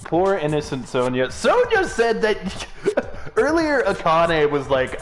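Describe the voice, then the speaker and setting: A man's voice: fairly high pitch, sing-song, takes it slowly, soft background music. A man hosting a let's play, making casual, teasing commentary with joking asides.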